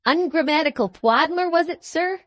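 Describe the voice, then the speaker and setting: A woman's voice: extremely high pitch, normal speed, no echo, voice pushed up. A woman voicing a pompous, furious male newspaper editor who blusters with indignation. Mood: indignant.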